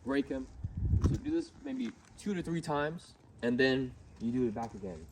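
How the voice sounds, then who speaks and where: A man who trains dogs, giving a casual lesson outdoors while working with a dog. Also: normal speed. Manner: relaxed explaining, bursts of high-pitched praise to the dog. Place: outdoors in a neighborhood. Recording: distant mic, faint outdoor noise.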